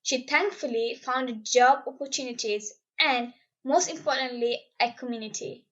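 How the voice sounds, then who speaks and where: A woman's voice: a little high, normal speed, noisy background. A young woman reading her part of a personal story aloud in a heartfelt, hopeful way. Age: young adult. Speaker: story reader. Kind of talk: scripted narration. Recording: slightly dull, lo-fi sound.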